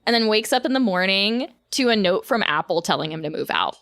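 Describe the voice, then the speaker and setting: A woman's voice: medium pitch, animated, vocal fry, fairly bright tone. A woman co-hosting a podcast, recapping a film in casual chat, giggling and acting out characters' lines. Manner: giggly, acts out characters' lines in quick bursts. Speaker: podcast co-host.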